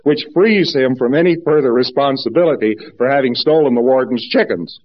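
A man giving an informal lecture, telling stories in a lively way and acting out what people said. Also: medium pitch, a little fast. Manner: lively storytelling, acts out quotes. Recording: dull lo-fi archive tape.

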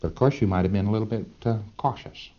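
A man's voice: lowish voice, fast talker, highs cut off. A man lecturing trainees in a folksy, emphatic way, with rhetorical asides to his listeners.

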